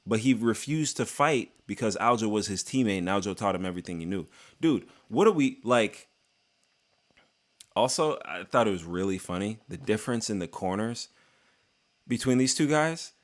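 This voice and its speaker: A man giving a casual, excitable fight recap on his channel, joking and talking in slang. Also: fairly low pitch, normal speed. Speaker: MMA YouTuber.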